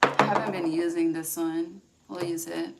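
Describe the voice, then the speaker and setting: A woman's voice: fairly low pitch, steady tone, normal speed, very noisy. A woman giving a casual, rambling tarot reading, laughing often and trailing off mid-sentence. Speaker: tarot reader.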